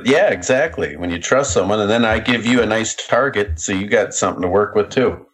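A man's voice: on the low side, lively intonation, a little fast, fairly bright tone, husky, poor audio. A man on a podcast, casually sharing self-deprecating memories. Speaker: podcast guest, wrestler. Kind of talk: casual chat.

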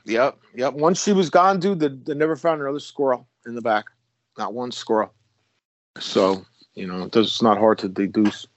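A man's voice: medium pitch, normal speed, poor audio. A middle-aged man, a former police officer, telling stories as a guest in a casual conversation. He rambles, restarts his sentences and corrects himself as he goes.

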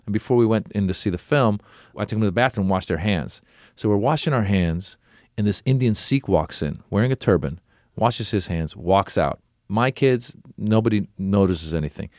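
A man's voice: fairly low pitch, normal speed, a little mellow, no echo, clean studio sound. A middle-aged man, a comedian and actor, telling casual anecdotes as an interview guest and acting out other people's lines. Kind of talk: casual conversational storytelling.

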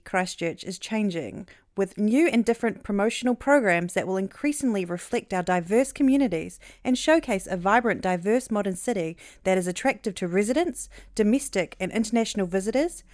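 A woman's voice: mid-range voice, animated, normal speed, a little mellow, no echo, studio quality, natural voice. A woman putting on an officious Kiwi PR voice. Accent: New Zealand. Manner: officious, annoying. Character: officious annoying female PR spokesperson. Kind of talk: mock reading of a press statement.

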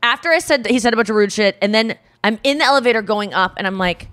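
A podcast co-host, a woman with a slightly high voice who talks fast, recounts a story in casual conversation. She's animated, swears freely, and performs the lines people said.

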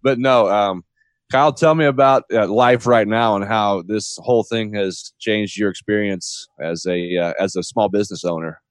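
A man's voice: lowish voice, moderate pace, no room sound, clean studio sound. A man hosting a casual interview over a video call, joking and sarcastic. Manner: jokey, sarcastic, relaxed. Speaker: podcast host.

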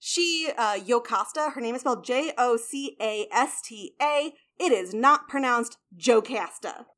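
A woman's voice: fairly high pitch, measured pace. A young adult woman hosting a casual explanatory talk, chatty, blunt and swearing now and then. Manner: chatty, swears, lively emphasis.

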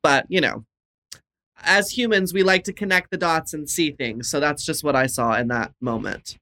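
A woman in casual conversation over a video call. Her voice is bright and her delivery is playful, full of exclamations and laughter. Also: sits low, moderate pace. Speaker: drag performer guest. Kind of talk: casual chat.

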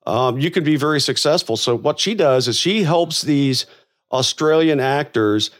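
A man's voice: fairly high pitch, normal speed. Man, middle-aged, from the US, podcast co-host, casual chat, rambling, fillers and restarts. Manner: chatty, laughs at own jokes, many fillers and restarts.

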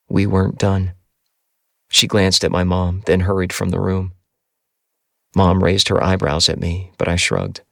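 A man narrating a first-person audiobook in a steady, measured storytelling voice. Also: sits low, vocal fry, no echo, studio quality.

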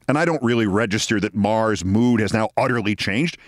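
A man's voice: on the low side, brisk, no room sound, clean studio sound. A man in his sixties hosting his own show, telling a personal story in a wry, theatrical way. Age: 60s. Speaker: host.

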